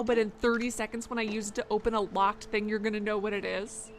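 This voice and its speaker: A woman's voice: mid-range voice, level tone, fast talker, background noise. A woman streaming a video game, ranting in dramatic exasperation. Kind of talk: live game stream commentary.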